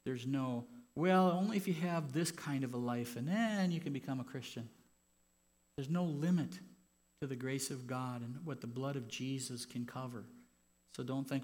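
Guy preaching in church, medium pitch, gets loud and fired up then goes soft and personal. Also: a little slow. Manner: swings from quiet and intimate to loud, impassioned preaching. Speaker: pastor. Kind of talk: sermon.

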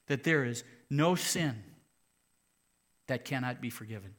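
A man preaching a sermon, moving between hushed, slow passages and loud, emphatic ones. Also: medium pitch, lively intonation. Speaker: pastor.

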